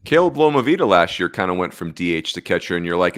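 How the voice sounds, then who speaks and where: Low-voiced man chatting about baseball. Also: animated, fairly bright tone, dry recording, clean studio sound. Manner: chatty, self-correcting, quick to laugh. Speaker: podcast co-host. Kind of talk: casual sports chat.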